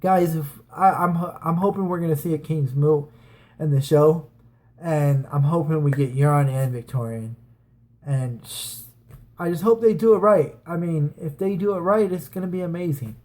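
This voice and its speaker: A young man with a somewhat high voice reads aloud for viewers in a casual, informal way. He often trips over names and corrects himself, and breaks off into easygoing chat. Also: normal speed, a little mellow. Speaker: amateur reader.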